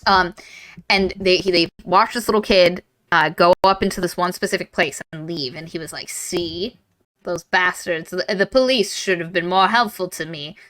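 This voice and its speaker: A woman's voice: on the low side, moderate pace, fairly bright tone, no room sound. A woman co-hosting a casual book-club chat, animatedly retelling the plot and acting out the characters' lines. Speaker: podcast co-host.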